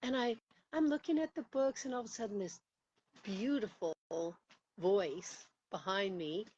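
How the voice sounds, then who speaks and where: A woman over forty in casual conversation, telling a personal story in an animated way, laughing often and acting out what people said. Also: mid-range voice, a little slow, a little hiss or hum. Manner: animated, laughing, acts out quotes with rising voice. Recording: muffled lo-fi audio.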